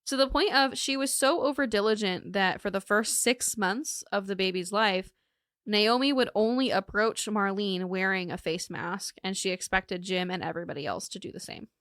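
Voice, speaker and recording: A woman's voice: mid-range voice, normal speed, fairly bright tone, no echo, studio quality. A woman co-hosting a podcast, telling a true crime case in a casual, joking way and laughing often.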